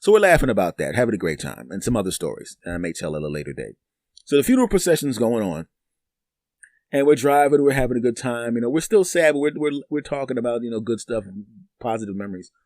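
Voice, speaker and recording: A man's voice: medium pitch, sing-song, fast talker, darkish tone, no echo, studio quality. Rambling middle-aged man telling stories. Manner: rambling, repeats words, acts out both sides of dialogue. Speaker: podcast host. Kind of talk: casual storytelling monologue.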